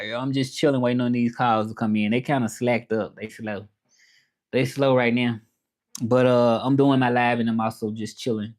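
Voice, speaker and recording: A man with a Southern US accent chatting casually on his livestream, relaxed and talkative, repeating phrases and slipping in some French. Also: medium pitch, normal speed. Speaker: interpreter and livestream host.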